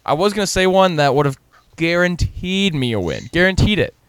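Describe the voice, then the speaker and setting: Male co-host, smooth and slightly high voice, teasing and mocking, dry sound. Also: big pitch swings, fairly quick, a bit bright, no room sound. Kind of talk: casual banter.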